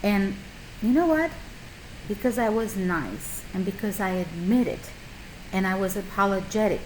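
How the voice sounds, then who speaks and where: Middle-aged woman, skincare business owner, emphatic storyteller, medium pitch, faint background hum. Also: measured pace, low-quality recording. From a communist country. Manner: animated, emphatic, slightly non-native grammar. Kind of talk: casual storytelling advice.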